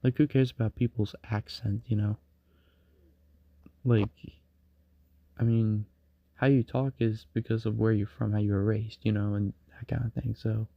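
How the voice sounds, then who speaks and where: Rambling man, low voice, muffled. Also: level tone, moderate pace, creaky, long pauses, no echo. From United States. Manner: rambling, many fillers and restarts. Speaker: streamer. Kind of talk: casual late-night stream monologue.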